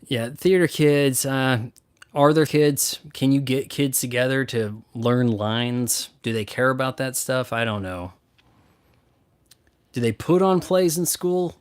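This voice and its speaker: A man's voice: medium pitch, takes it slowly, clear, resonant tone. A man answering viewer questions as a movie and game critic, blunt and sarcastic, swearing often and mocking others in put-on voices. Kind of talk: casual profane Q&A rant.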